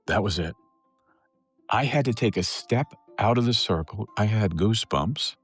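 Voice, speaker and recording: A middle-aged man with a low voice recounts a story in an earnest, emotional way. He is a psychotherapist talking as a podcast guest, and faint music plays softly behind him. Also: expressive, normal speed, husky.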